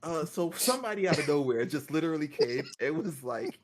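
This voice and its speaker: A man's voice: a little high, fairly quick, background noise. A man co-hosting a gaming podcast, telling a story in casual chat with lots of laughter. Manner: animated storytelling, laughs often. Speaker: podcast co-host.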